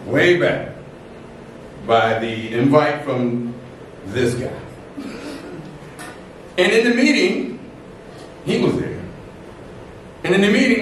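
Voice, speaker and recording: A man hosting a storytelling event, chatting and telling a personal anecdote in an animated way, laughing often and acting out the people he quotes. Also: a little high. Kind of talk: casual closing remarks and personal anecdote. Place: event hall with live audience. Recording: echoey hall from far off, faint noise.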